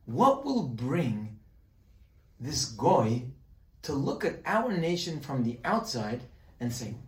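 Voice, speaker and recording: A man giving a weekly Torah class as a rabbi, acting out imagined dialogues in a lively way. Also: mid-range voice, slow, pauses often. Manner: animated, acts out questions and answers in dialogue. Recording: roomy sound, mic at a distance.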